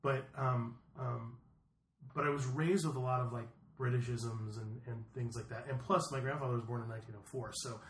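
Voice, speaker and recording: A man chats casually on a podcast, rambling through stories with many restarts. His voice is mid-pitched. It sits in a roomy echo with faint noise behind it. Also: fairly even intonation, moderate pace. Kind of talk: casual chat.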